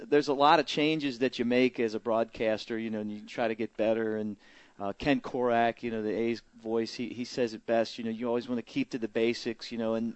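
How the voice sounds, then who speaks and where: Earnest, halting man on a muffled radio line. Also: mid-range voice, no echo. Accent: slight Baltimore. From Baltimore. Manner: earnest, hesitant, many fillers and restarts. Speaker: baseball play-by-play broadcaster. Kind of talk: casual radio interview.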